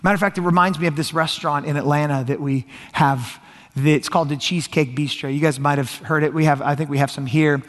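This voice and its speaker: A man, preaching a sermon as pastor in an animated, conversational way and often asking his listeners questions. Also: a little high, fast talker. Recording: long reverb of a large hall.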